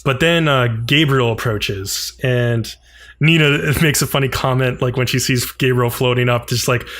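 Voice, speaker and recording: A man's voice: medium pitch, moderate pace. A man co-hosting a podcast, casually recapping an episode and briefly acting out the characters' lines. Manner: animated retelling, frequent "like", acts out characters' lines. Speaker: podcast co-host.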